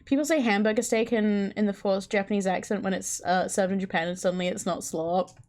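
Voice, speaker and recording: A woman's voice: mid-range voice, fairly even intonation, fairly quick, darkish tone. A woman livestreamer chatting casually, incredulous and chatty, swearing often. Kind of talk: casual stream chat.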